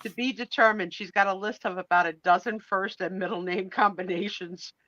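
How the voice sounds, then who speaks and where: Bright-voiced middle-aged woman on dull audio. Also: mid-range voice, fairly even intonation, a little fast, dry recording. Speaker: guest on a live stream. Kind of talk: casual live-stream chat.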